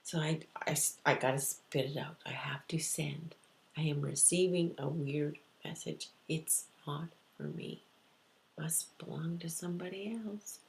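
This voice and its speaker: A woman telling a personal story softly and often near a whisper, repeating her phrases. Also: sits low, a little slow, vocal fry. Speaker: psychic medium.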